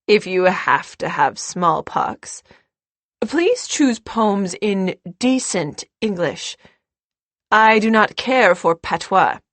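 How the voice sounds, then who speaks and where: A woman's voice: medium pitch, expressive, slow, no room sound. A woman voicing a stern, cold elderly grandmother who speaks in an icy, clipped way. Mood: haughty.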